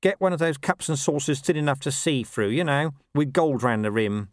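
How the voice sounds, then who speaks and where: A man's voice: fairly high pitch, normal speed, dry recording, studio quality, pitched above the performer's own voice, close to an everyday voice. A man voicing a bossy, grumbling male city watchman who talks in a brash, raised, pushy way. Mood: grudging.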